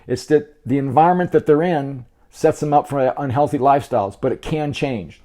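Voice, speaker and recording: In a casual health video, a man with a medium-pitched, dark voice speaks at a moderate pace between mouthfuls. He encourages the viewer directly in a chatty way, often going back to repeat or restart words.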